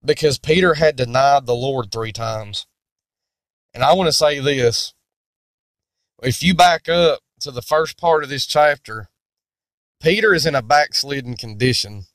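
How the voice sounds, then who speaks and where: A man preaching in a sermon-style Bible teaching, deliberate and emphatic. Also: mid-range voice, fairly bright tone, dry recording.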